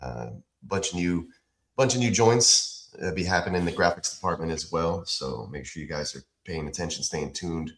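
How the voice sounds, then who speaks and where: A man hosting a fantasy football podcast, giving laid-back analysis, shout-outs and sponsor plugs. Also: low voice, moderate pace, roomy sound. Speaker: podcast host. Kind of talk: casual sports chat.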